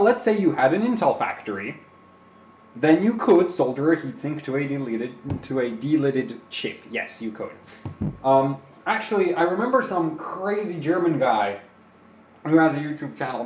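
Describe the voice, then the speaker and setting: A young Czech man hosts an overclocking livestream, speaking at a moderate pace with medium pitch and lively intonation. He rambles and jokes at his own expense. The stream audio sounds roomy and a bit dull, with slight background noise.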